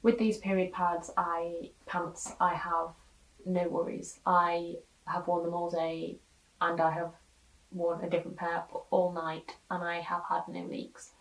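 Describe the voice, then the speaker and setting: Woman, frank and earnest, lowish voice, roomy echo, mic set back. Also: completely flat delivery, measured pace, far from the mic. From United Kingdom. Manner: frank, earnest, many ums, gets emotional. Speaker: podcast guest reviewer. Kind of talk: personal product review monologue.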